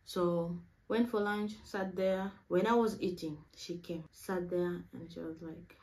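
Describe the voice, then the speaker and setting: A young woman from Africa, a university student, chatting quickly and casually to camera, saying "y'all". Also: on the low side, steady tone, vocal fry, darkish tone, low-quality recording. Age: young adult.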